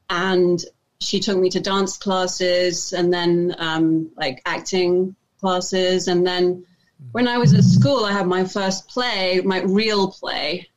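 A woman's voice: on the low side, flat delivery, slow pace, rough recording. A woman with a British accent, an actress guest chatting casually in an interview, with frequent fillers and restarts. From England.

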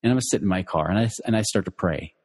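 A middle-aged man speaks in a breathy, husky voice that sits a little low. He talks loosely and conversationally, with plenty of fillers and restarts, while sharing a personal story with listeners. A long reverb tail hangs on his words. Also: fast talker, a little mellow. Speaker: financial educator.

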